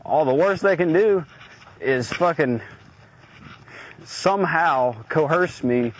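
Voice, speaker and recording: A man's voice: a little high, takes it slowly. A man venting in a blunt, profane, aggrieved personal audio diary rant. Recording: dull lo-fi recording with faint noise.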